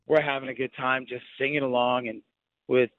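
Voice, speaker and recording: A young man calling in by phone, retelling a frightening night in halting, restart-filled speech. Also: medium pitch, little pitch movement, dry recording. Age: young adult. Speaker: phone-in guest. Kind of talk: emotional first-hand account. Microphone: phone call. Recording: muffled phone line.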